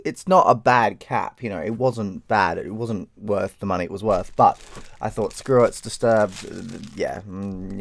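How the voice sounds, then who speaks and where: A tired Australian man telling a rambling story in a casual vlog, swearing freely. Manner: rambling, swears freely, mimics people in high voices. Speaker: vlogger.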